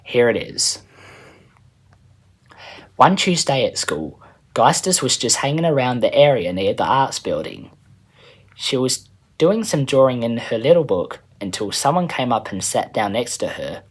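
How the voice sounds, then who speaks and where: A man's voice: medium pitch, sing-song, a little slow, husky. A man reading his own story aloud in a casual, chatty way as the channel's storyteller. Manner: casual, chatty, a little rambling.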